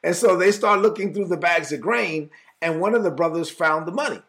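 High-voiced man preaching a casual sermon. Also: fairly quick. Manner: conversational, animated, acts out dialogue.

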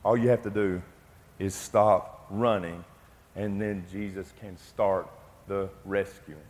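A man's voice: sits low, fairly even intonation, takes it slowly. A middle-aged man preaching a sermon as pastor, telling a personal story in a conversational way before speaking of the gospel. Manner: storytelling, conversational, then hushed and intimate in prayer. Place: church sanctuary. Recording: long church reverb.

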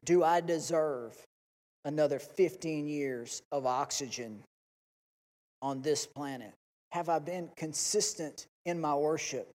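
A man's voice: a little high, slow, darkish tone. A man preaching a Sunday sermon with passion, acting out pleading prayers in rising and falling bursts. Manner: impassioned, acts out pleading prayers. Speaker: pastor. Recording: long reverb.

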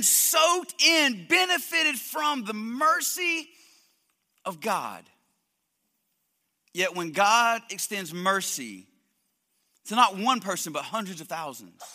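A man delivers a sermon in an emphatic, animated manner, often repeating words as he drives points home. His voice is unusually high and very bright. A long hall reverb surrounds him. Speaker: preacher.

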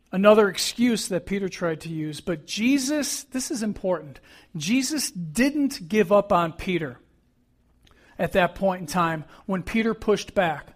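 A man's voice: high-pitched, expressive, a little slow. A middle-aged man preaching a sermon as pastor, earnest and emphatic, repeating key phrases.

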